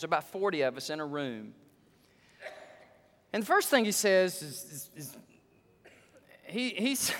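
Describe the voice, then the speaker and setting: A male pastor preaching a sermon, his voice surging up for emphasis and dropping low. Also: fairly bright tone. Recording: long hall reverb.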